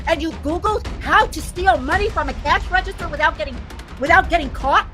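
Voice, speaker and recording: A woman's voice: very high voice, brisk, music in the background. A woman commentator delivering an angry, indignant rant peppered with profanity.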